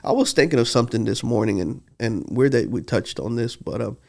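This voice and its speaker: Earnest man with a gravelly voice. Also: mid-range voice, a little fast. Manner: earnest, heartfelt storytelling. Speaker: podcast co-host. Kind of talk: casual podcast conversation.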